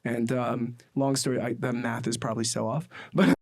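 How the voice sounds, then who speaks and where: A man in his twenties from the United States, hosting a casual podcast and telling stories in a rambling, animated way full of fillers. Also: mid-range voice, moderate pace, creaky. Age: 20s. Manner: rambling and animated, with many fillers like "you know what I mean". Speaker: podcast host.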